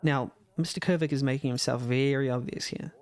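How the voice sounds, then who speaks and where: A man's voice: mid-range voice, steady tone, a little fast, no echo. A man casually commenting on a game he plays, chatty and wry, often laughing and restarting his sentences. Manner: chatty, giggly, restarts a lot, wry asides. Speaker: let's play gamer. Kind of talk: casual game commentary, reading dialogue aloud.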